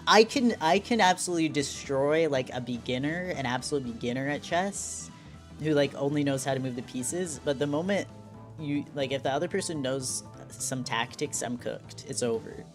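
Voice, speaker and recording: Slangy, self-mocking young streamer. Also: mid-range voice. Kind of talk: casual live-stream chat.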